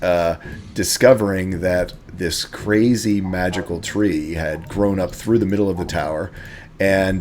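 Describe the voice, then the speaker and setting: A man's voice: sits low, a little mellow, a little hiss or hum. A man running a tabletop game as game master, chatty and playful.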